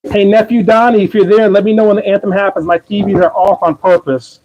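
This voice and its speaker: A man's voice: sits high, steady tone, fairly quick, muffled recording. A man with a Maryland accent hosting a live cooking stream from his home kitchen, chatty and upbeat as he coaxes viewers along. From Maryland, USA. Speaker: host cooking on a livestream. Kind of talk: casual cooking demo chat to viewers.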